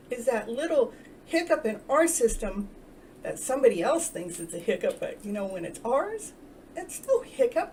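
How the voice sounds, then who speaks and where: A woman's voice: sits high, big pitch swings, normal speed, darkish tone. A woman hosting a casual self-love livestream, rambling, earnest and chatty, greeting viewers and laughing now and then. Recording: distant mic with faint background noise.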